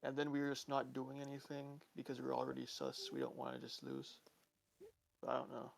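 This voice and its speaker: A man's voice: mid-range voice, very animated, a little fast, creaky. A man talking casually as a player in a streamed game, hedging his guesses in an easygoing way.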